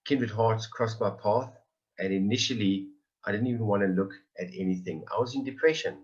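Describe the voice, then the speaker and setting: A man's voice: on the low side, moderate pace, muffled recording. A man in his forties giving an earnest personal testimony, repeating phrases for emphasis. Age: 40s. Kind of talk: emotional personal testimony on a call.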